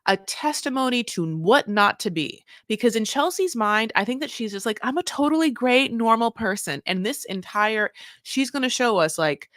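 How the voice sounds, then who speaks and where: A woman's voice: medium pitch, lively intonation, normal speed, few pauses, fairly bright tone, no room sound. Opinionated woman ranting in a dry room. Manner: opinionated, run-on rants with casual swearing. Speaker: podcast co-host. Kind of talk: casual reality-show recap chat.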